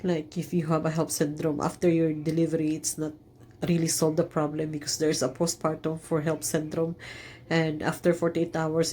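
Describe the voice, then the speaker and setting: A woman vlogger telling a personal story in an earnest, emotional way, halting often with fillers and restarts. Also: sits low, flat delivery, warm tone, slight background noise.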